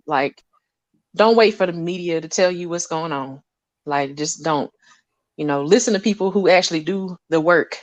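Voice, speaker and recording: A woman with a lower-than-usual voice talks casually about lab work and the people around her. She tells stories with energy, acting out what others said. The recording is close and dry. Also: moderate pace, no echo. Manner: animated storyteller, acts out quotes, laughs often. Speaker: lab scientist guest. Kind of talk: casual conversation.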